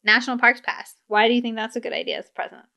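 A woman's voice: a little high, very fast, creaky, sharp tone. A woman hosting a podcast, chatting casually and enthusiastically about gift ideas, often laughing. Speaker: podcast host.

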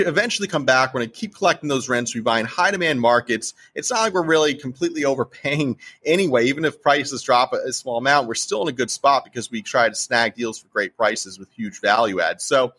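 Brief: man with a New Jersey accent, mid-pitched, emphatic guest who keeps an interview moving. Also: fairly quick, slightly rough. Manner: animated, emphatic, acts out quoted investors. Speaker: real estate investor guest. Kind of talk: casual interview talk.

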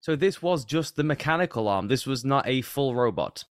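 A man's voice: mid-range voice, lively intonation, normal speed, no echo. A man co-hosting a casual podcast, reacting with dry, jokey comments. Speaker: podcast co-host.

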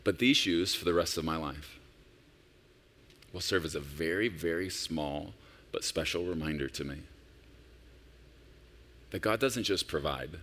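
A man's voice: low voice, unhurried, pauses often, a bit bright. A senior pastor in his forties preaching a sermon in a conversational, personal storytelling manner with emphatic rises. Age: 40s.

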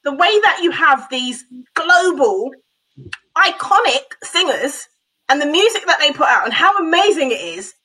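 A woman co-hosting a casual group chat, animated and exclaiming, often restarting her sentences. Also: high-pitched, moderate pace, a little hiss or hum, low-quality recording. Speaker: podcast co-host.

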